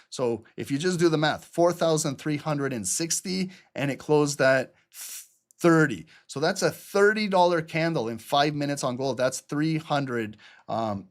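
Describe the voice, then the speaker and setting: Male trading streamer, slightly higher voice, casual and energetic. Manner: casual, energetic, talks to viewers as guys. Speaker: trading channel host. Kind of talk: live chart analysis.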